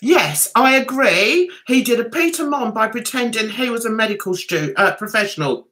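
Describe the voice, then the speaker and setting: A woman's voice: fairly high pitch, expressive, moderate pace, fairly bright tone. A woman hosting a livestream, chatting with viewers and giving indignant, emphatic commentary. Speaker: YouTube host.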